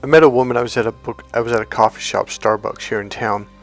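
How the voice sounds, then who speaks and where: Male dating coach, gravelly voice, blunt and profane, animated storyteller, faint music underneath. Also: on the low side, quick pace. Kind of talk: monologue to camera.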